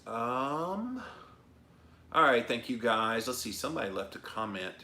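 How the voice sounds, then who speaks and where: A man's voice: mid-range voice, big pitch swings, measured pace, bright, forceful tone. A middle-aged man hosting a live-stream show, chatting casually and emphatically while he reads viewer comments aloud. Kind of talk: casual livestream chat reading comments. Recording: echoey room.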